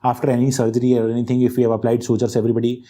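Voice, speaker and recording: A man's voice: mid-range voice, completely flat delivery, racing, mellow. A man giving a medical lecture, stressing key terms and often checking in with his students. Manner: emphatic, keeps checking in with the class. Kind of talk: classroom lecture.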